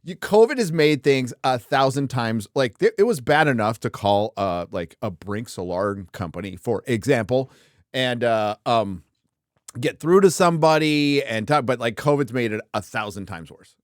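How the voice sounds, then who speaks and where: Man, fifties, from southern california, show host, crude joking ramble, mid pitch, dry close sound. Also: expressive, moderate pace, dry recording. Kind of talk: casual livestream chat.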